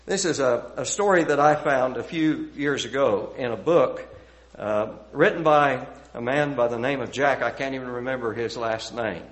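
A middle-aged man delivers a sermon with earnest conviction, his mid-range voice at a normal speed. It climbs through emphatic lists, then drops to a quiet, hushed close at the end of each thought.

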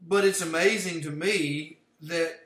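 A man's voice: on the high side, fairly even intonation, a little slow, a bit bright. A man leading a livestreamed Bible study, explaining word meanings step by step. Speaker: Bible teacher. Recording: echoey room.

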